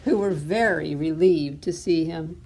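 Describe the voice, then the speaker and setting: Slow, expressive woman reading a picture book. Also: sits low, slight background noise. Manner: slow, expressive, asks children questions. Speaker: children's librarian.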